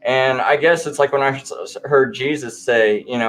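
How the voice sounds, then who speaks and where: A man recounts his own story in an easygoing late-night conversation. His voice sits at an ordinary middle pitch, and his sentences wander, restart and lean heavily on filler words. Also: normal speed, few pauses, fairly bright tone, a little hiss or hum. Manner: rambling, filler-heavy storytelling.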